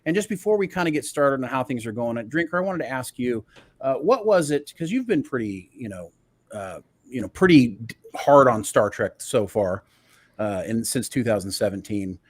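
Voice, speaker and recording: Male host, mid pitch, upbeat showman patter, live panel stream. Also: animated, moderate pace, no room sound. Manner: upbeat, scripted show-intro patter. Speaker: show host.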